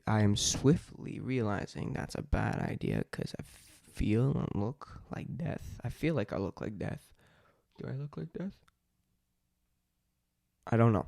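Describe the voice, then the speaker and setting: A man's voice: on the low side, vocal fry, a little mellow, dry recording, clean studio sound. A man chatting casually to camera as a vlogger and dungeon master. He rambles, with many fillers and restarts. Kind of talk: casual vlog chat.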